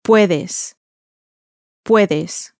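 Female model voice for a language course, very slow and careful, dry close recording. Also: mid-range voice, no echo. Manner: slow, careful, each word said twice. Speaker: native-speaker model voice. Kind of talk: repeating model words for learners.

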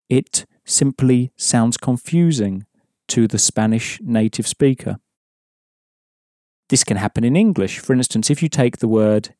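A man delivers a scripted language lesson in a mellow, relaxed voice. He explains patiently and slows down to make each example clear. The recording is close and dry. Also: medium pitch, dry recording. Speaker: language teacher.

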